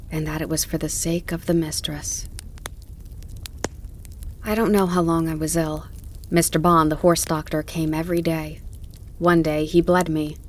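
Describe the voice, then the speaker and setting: A woman narrating a classic novel as an audiobook in a measured, even way. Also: sits low. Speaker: audiobook reader. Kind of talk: calm storybook narration. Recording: faint crackling campfire behind.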